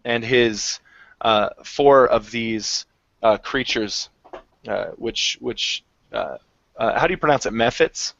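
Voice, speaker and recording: A man's voice: mid-range voice, takes it slowly, gravelly, a bit bright, no room sound. A man playing a tabletop game, hesitantly describing his character's actions. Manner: hesitant, many fillers. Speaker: player. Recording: dry, dull lo-fi audio.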